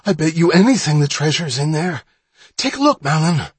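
A man's voice: mid-range voice, unhurried, fairly bright tone, breathy edge, no echo. A man reading an audiobook, voicing an eager, bossy young boy who gives orders and scoffs at his brother's fears. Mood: excited. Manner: eager, commanding, scornful.

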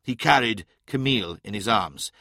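A man reading an audiobook in a measured scripted narration, shifting his voice for characters. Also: fairly low pitch, expressive, vocal fry, sharp tone, no echo, studio quality.

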